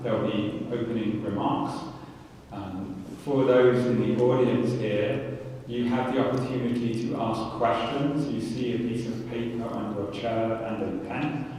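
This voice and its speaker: A man's voice: medium pitch, a little mellow. A man moderating a debate, explaining the rules in a procedural way with frequent ums. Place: synagogue hall with audience. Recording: echoey hall, distant mic, noise.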